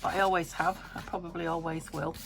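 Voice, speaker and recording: A British woman chatting casually as she crafts at home, rambling, thinking aloud and dropping into soft muttered asides. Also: lowish voice, fast, vocal fry. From United Kingdom. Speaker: craft vlogger. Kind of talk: casual chat while crafting. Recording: steady background noise.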